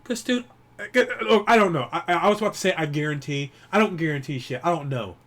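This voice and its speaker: A man's voice: fairly high pitch, fast talker, a bit bright. Grieving, profane young-sounding man. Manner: profane, rambling, frequent restarts. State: grieving, holding back tears. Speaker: YouTuber. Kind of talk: personal vlog monologue.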